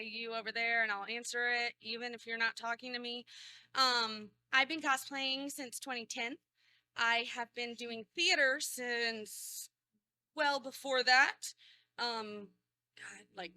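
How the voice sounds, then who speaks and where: A woman's voice: fairly high pitch, sharp tone, dry recording. A woman in her thirties who is losing her voice, hosting a casual panel in a convention room, chatty and laughing often. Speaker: cosplay guest panelist.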